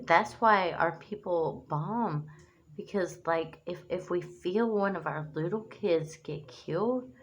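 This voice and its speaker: A woman's voice: on the low side, a bit bright, slight background noise. A woman in an angry, rambling monologue to camera, swearing often and restarting her phrases.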